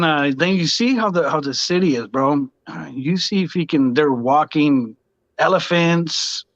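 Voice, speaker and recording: A man's voice: on the high side, a bit bright, no room sound. Male podcast guest, raised voice, laid-back slangy storyteller, muffled dry track. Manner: slangy, peppers talk with "dude" and "bro". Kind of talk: casual storytelling. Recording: dull, dry lo-fi sound.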